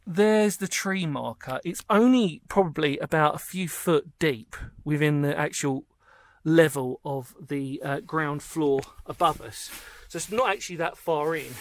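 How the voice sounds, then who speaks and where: Alone inside a small underground brick bunker in the woods, a man chats enthusiastically to his channel viewers. His voice is on the high side, a little slow, with few pauses, and he rambles as he explores in this casual vlog.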